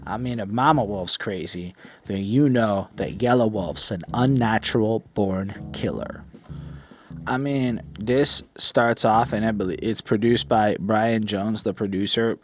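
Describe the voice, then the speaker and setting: This young man's voice is on the low side at a normal speed, with slight hiss or hum. On his podcast he reviews an album casually and at rambling length, animatedly retelling it with plenty of "like."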